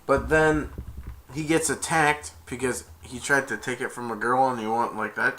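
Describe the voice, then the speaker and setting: A young man, an amateur reviewer, excitedly retells a movie scene by scene and acts out the characters' lines. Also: medium pitch, moderate pace.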